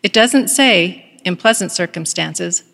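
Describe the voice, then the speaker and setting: A woman's voice: fairly low pitch, expressive, unhurried, gravelly, fairly bright tone, big-room sound, full character voice. A woman voicing a hopeful, devout woman prisoner who speaks eagerly and serenely.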